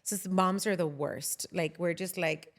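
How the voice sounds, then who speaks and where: A woman in her thirties chatting as a podcast guest, an animated storyteller who swears casually and drops Spanish words into her English. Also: fairly low pitch, a little slow.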